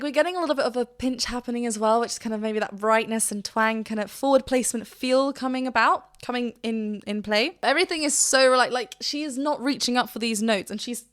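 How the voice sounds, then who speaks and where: A woman vocal coach reacting to a song, gushing and rambling with quick restarts. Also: fairly high pitch, fairly bright tone. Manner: breaks into short sung demonstrations. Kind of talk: reaction commentary.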